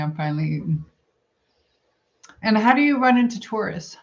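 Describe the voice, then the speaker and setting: A woman's voice: medium pitch, animated, normal speed. Middle-aged woman, livestream host, rambling casual chat, mid-range voice, dull lo-fi audio. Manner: chatty, rambling, thinks aloud while eating. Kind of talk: casual live chat reading comments.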